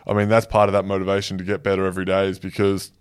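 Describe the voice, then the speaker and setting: Low, smooth-voiced man. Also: completely flat delivery, racing. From Australia. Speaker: professional basketball player guest. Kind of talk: casual chat.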